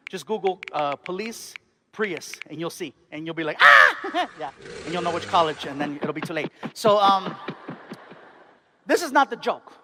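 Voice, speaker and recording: A man doing stand-up comedy on stage, telling a story in an animated, excitable way and acting out the scenes. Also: fairly high pitch, normal speed, a crowd in the background.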